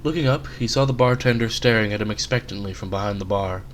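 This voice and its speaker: A man reading aloud his own short story, in a relaxed, conversational storytelling manner. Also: on the low side, fast, a little hiss or hum.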